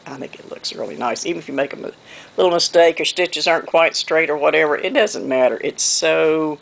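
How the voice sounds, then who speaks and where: Southern woman with a North Carolina accent, a quilting vlogger, folksy and rambling, with a gravelly edge. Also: low-pitched, a little hiss or hum. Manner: rambling and folksy, often trailing off with "okay, anyway". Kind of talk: casual chat to camera while hand quilting.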